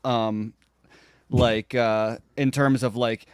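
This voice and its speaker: A man joining a video call panel chat as a guest, joking playfully in a deadpan way. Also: medium pitch, slow pace, smooth, no echo.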